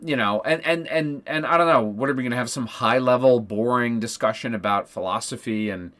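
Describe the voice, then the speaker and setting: A man's voice: mid-range voice, brisk, fairly bright tone. A young adult man in a casual livestream rant, rambling, restarting his sentences and swearing as he talks politics with his chat. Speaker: political streamer.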